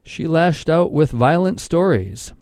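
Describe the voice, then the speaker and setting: A man hosting a storytelling show, reading a scripted introduction in a slow, measured way. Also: on the high side, big pitch swings, darkish tone, dry recording, studio quality. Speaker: radio host. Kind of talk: scripted narration.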